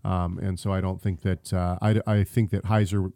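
A man's voice: deep voice, flat delivery, moderate pace, creaky, mellow, dry recording, studio quality. A man co-hosting a theology podcast, reading listener questions in a casual, hesitant way with frequent ums and restarts. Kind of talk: casual chat about theology.

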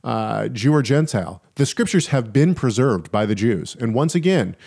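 A man co-hosting a podcast, explaining his views in an earnest, steady way. His voice sits at a middle pitch, and he talks casually with frequent restarts. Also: normal speed, creaky, husky. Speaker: podcast co-host. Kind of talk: casual religious discussion.

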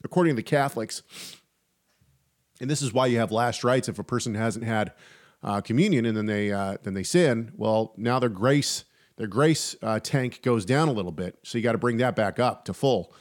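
A man co-hosting a casual faith podcast, talking in an animated, chatty way with frequent restarts and asides. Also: medium pitch, normal speed. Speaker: podcast co-host.

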